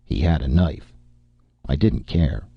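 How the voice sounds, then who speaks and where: Deep, gravelly male story narrator. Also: slow pace, no echo. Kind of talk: first-person story reading. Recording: muffled lo-fi recording.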